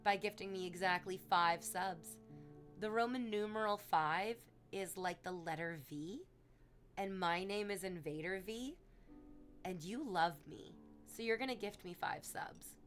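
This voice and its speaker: A woman's voice: a little slow, faint music behind. A young woman streaming, chatting casually with viewers in a rambling, self-mocking way. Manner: rambling and self-mocking, bursts into high squealing excitement over gifted subs.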